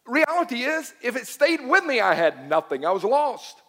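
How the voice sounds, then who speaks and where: A middle-aged man preaching a sermon, telling a personal story dramatically, dropping to a hush and rising to shouts. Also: very high voice, sing-song, normal speed. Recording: long reverb of a large hall.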